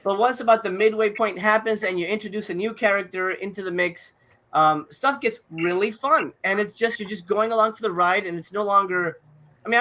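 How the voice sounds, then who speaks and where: A man's voice: sits high, pushed and bright. A man co-hosting a movie podcast, talking in a rambling, casual way with many fillers and restarts. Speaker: podcast co-host reviewing movies. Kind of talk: casual chat.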